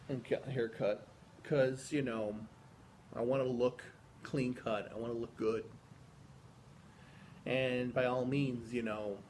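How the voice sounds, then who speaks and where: A man's voice: mid-range voice, a little mellow, a little hiss or hum. A man talking to camera in a personal video diary, reflective and earnest, rambling with many restarts and fillers. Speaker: vlogger.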